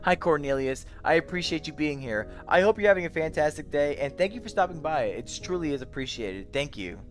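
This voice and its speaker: A man's voice: on the high side, expressive, a little fast, faint music behind. Sleepy, tired young man streaming late at night. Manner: sleepy, rambling, giggly, greets chat by name. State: very tired, yawning. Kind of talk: late-night casual livestream chat.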